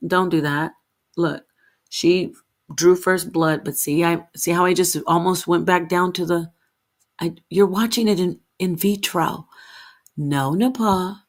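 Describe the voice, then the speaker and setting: A woman's voice: on the low side, measured pace. A woman hosting a livestream, talking to her chat, correcting herself as she goes and addressing viewers by name. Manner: self-correcting, animated, talks to herself and viewers. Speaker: livestream host. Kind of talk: solo livestream talk to chat.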